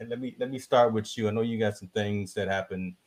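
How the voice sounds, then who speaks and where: Male podcast host, lowish voice, loose joking banter, casual live show. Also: fairly even intonation, moderate pace.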